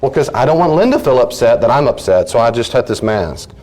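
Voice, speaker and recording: A man's voice: mid-range voice, sing-song, quick pace, darkish tone. A middle-aged man, a counselor teaching a study group, talking earnestly and acting out everyday conversations.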